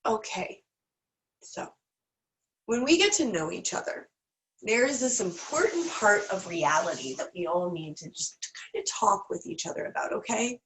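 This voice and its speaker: A woman's voice: medium pitch, expressive, moderate pace, fairly bright tone, low-quality recording. A woman leads a casual online class with a candid, self-deprecating manner. She rambles into asides as she goes. She sounds a little teary, her nose stuffed up. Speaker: class teacher.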